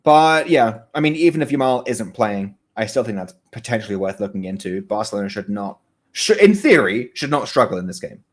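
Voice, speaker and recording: A man's voice: fairly low pitch, lively intonation, a little fast. A man co-hosting a casual podcast chat, rambling and correcting himself mid-sentence, often laughing. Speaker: podcast co-host. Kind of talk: casual chat about soccer betting.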